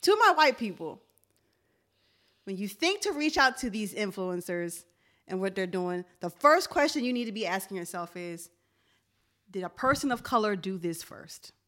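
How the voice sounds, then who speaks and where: A woman's voice: mid-range voice, very animated, normal speed, a bit bright. A woman co-hosting a podcast in emphatic, laughing casual chat. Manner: emphatic, laughing, reads aloud. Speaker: podcast co-host.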